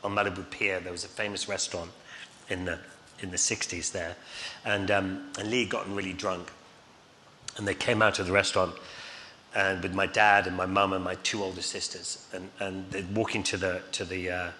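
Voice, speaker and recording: Bright-voiced man telling stories. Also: sits low, little pitch movement, moderate pace. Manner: rambling, chuckling, many fillers. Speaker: guest. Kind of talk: anecdotal storytelling on stage. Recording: reverberant hall, faint noise.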